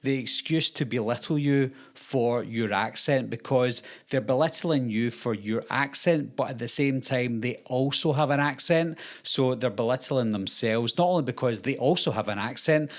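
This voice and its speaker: A man's voice: mid-range voice, moderate pace, hardly any pauses. A Scottish man hosting his channel, talking earnestly and casually straight to camera. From Scotland. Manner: earnest, conversational, explaining. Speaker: YouTube host.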